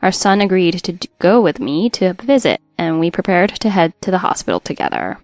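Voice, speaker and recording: A woman's voice: lowish voice, big pitch swings, fairly quick, few pauses, no echo, soft background music. A woman reading a first-person drama story as narrator, in an earnest, emotional storytelling manner.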